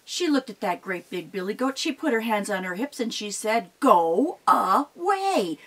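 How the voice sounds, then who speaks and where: A woman telling a folk tale aloud in an animated, expressive way, with sound effects. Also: mid-range voice, fairly quick, rough recording. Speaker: storyteller. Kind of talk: oral storytelling performance.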